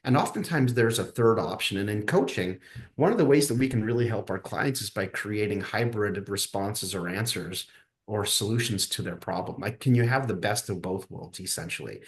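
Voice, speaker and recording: A man, a coach and guest on a podcast, talking casually and telling stories with lively acted-out dialogue. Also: on the low side, normal speed, roomy sound. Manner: animated storyteller who acts out quoted dialogue. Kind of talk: casual podcast interview storytelling.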